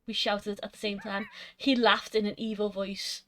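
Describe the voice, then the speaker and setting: A woman's voice: mid-range voice, level tone, moderate pace, hardly any pauses. A woman reading a fan fiction aloud for laughs, giggling as she goes and playing up the quoted lines. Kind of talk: comedic dramatic reading.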